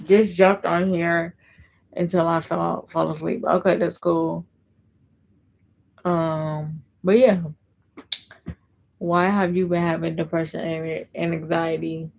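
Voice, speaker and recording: Low, gravelly woman chatting on a live stream. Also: level tone, slow, pauses often, darkish tone, a little hiss or hum, rough recording. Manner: chatty, reads and answers viewer comments. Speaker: livestream host. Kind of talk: casual livestream chat.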